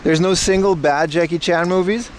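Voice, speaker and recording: A man's voice: high voice, steady tone, moderate pace, slight background noise. A man streaming live while browsing a secondhand electronics shop indoors, rambling and cracking jokes to his chat on a mobile rig. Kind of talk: casual IRL livestream commentary.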